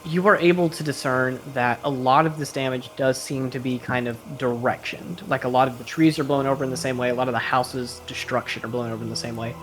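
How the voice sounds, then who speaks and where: A man's voice: medium pitch, fairly even intonation, brisk, few pauses, a bit bright, a little hiss or hum. Casual male game master describing scenes. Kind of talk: narrating a tabletop game.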